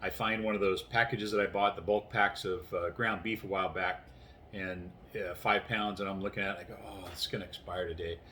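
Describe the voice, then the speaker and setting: Tired man, 60s, rambling vlog chat at home, fairly low-pitched, faint hiss behind. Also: fairly even intonation, fairly quick, sharp tone. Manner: rambling, acts out conversations. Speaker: vlogger. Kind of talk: casual chatty storytelling. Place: inside his house, doors closed.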